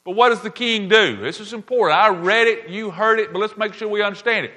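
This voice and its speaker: A man's voice: high voice, a little fast, bright, forceful tone. A man preaching a sermon, retelling a parable with emphatic repeated phrases and frequent "all right?" check-ins with his listeners. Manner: emphatic, repeats key lines, checks in with the audience. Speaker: pastor.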